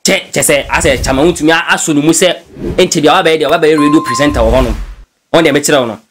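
A man with a high-pitched voice gives lively gossip commentary as a blogger. He talks in an animated, chatty way and drops English phrases in as he goes. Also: quick pace, over music. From Ghana. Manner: animated, mixes English phrases into his talk. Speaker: news blogger.

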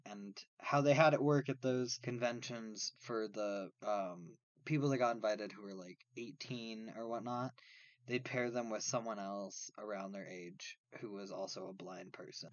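A young American man telling a funny personal story, acting out the people in it with sudden loud outbursts. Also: lowish voice, no echo, lo-fi sound. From United States. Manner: animated, acts out quotes with sudden loud outbursts. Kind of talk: comedic storytelling.

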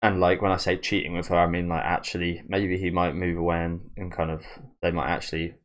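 A man's voice: low-pitched, little pitch movement, brisk. A man hosting a manga reaction video, talking casually in a rambling, self-deprecating way with many fillers and restarts. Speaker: channel host reacting to a manga.

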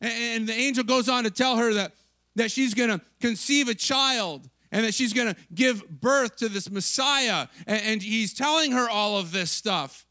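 High, bright-voiced chatty male pastor. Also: normal speed, no echo. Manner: chatty, lots of "like" and "right?", acts out quotes with laughs. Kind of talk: casual conversational sermon.

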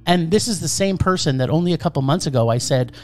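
A man's voice: a little high, animated, fast talker, a little mellow, faint music behind. A man reviewing a film on a podcast, sarcastic and scathing in a casual chat.

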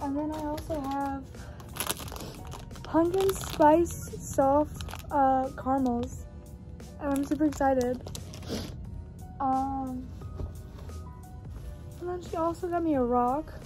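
A woman's voice: high-pitched, slow, pauses often, music in the background. A young woman chatting casually in a home vlog, gushing and swearing freely, with lots of "like"s. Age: young adult. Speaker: vlogger.

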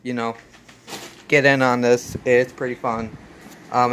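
A man's voice: mid-range voice, normal speed, fairly bright tone, a little hiss or hum. A man hosting a casual, profane movie recap, laid-back and laughing often. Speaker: host.

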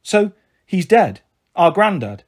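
A shy, earnest young girl, as a man reading a story puts her on. She speaks hesitantly in a raised, slightly husky voice. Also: sits high, big pitch swings, slow, full character voice.

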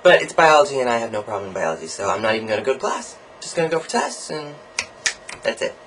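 A young man in a mid-range voice rants into his video diary, camp and sarcastic, swearing freely and leaping between high, loud bursts and low mutters. A faint hiss sits under the recording. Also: fast talker, low-quality recording. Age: young adult. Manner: animated, campy and profane, with big swings in pitch and loudness; sarcastic, jokey asides. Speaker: college student vlogger. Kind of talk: casual video diary rant.

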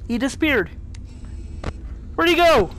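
A man voicing a nervous, goofy male frog puppet in a high, thin, nasal voice, commenting jokily and in a panic while he plays in character. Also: very animated, a little slow, a bit bright, slight background noise, full character voice. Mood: scared. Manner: panicky, jokey, blurts out beep-boop noises. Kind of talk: in-character let's play commentary.

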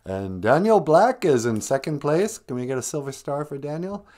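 Very animated and speaking at normal speed, a man with a slightly high, dark-toned voice runs a casual live stream where he teaches words. He teases his viewers playfully and delivers jokey, mock-stern scoldings.

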